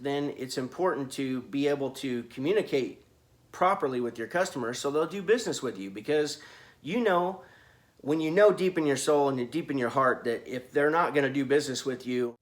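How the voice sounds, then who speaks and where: Earnest guy coaching business owners, kinda high voice, keeps restarting words and asking questions. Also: a bit bright. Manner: asks the listener many questions. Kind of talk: casual talking-head advice video.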